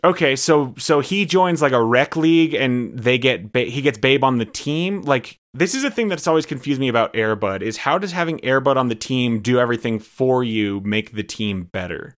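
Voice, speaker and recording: A man in casual comedic brainstorming, asking questions and talking in quick bursts. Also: medium pitch, lively intonation.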